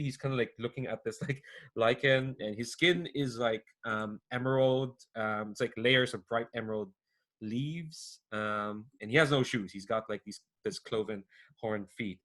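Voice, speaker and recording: A man's voice: medium pitch, a bit bright. A man describing scenes as game master, easygoing and rambling. His voice sits mid-range, meandering through fillers as he builds the picture. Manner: rambling, many fillers and laughs. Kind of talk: narrating a tabletop game.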